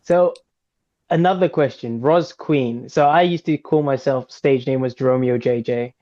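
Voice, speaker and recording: Animated man host on a dull recording. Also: mid-range voice, moderate pace. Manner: animated, enthusiastic, laughing. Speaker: podcast host. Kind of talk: casual interview chat.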